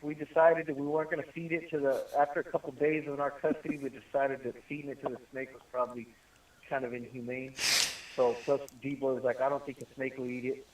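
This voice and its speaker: Dude talking fast on a muffly phone call, sounds far from the mic. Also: male voice, medium pitch, flat delivery, a little mellow, slight background noise. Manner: quick interjections, chiming in on stories. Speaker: incarcerated caller. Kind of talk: casual chat over a phone call. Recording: distant, muffled phone line.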